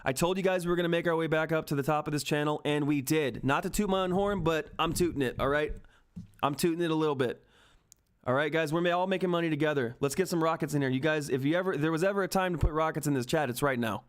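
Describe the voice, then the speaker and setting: A man hosting a live stock market stream, talking excitedly and emphatically to his chat from home, repeating himself for emphasis. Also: a little high, quick pace. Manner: hyped, repetitive, emphatic, swears mildly. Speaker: stock market livestream host.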